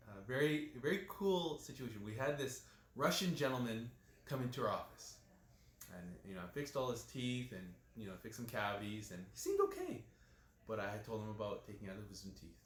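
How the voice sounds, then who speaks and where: A man, working as a dentist, telling stories in a relaxed, casual way and leaning on lots of "you know" fillers. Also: medium pitch. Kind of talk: casual interview talk. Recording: echoey room with faint ambience.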